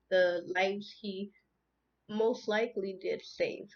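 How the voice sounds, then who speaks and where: On the low side and steady in tone, this tarot channel host's voice moves at a measured pace through an unscripted spiritual monologue. She is earnest and emotional, repeats words, restarts often, and is tearful at moments. The recording's highs are cut off.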